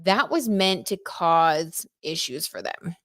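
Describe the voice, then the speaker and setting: A young woman casually chatting on a livestream, reading out viewer comments and reacting excitedly while doing tarot. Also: lowish voice, slow pace, dry recording, clean studio sound.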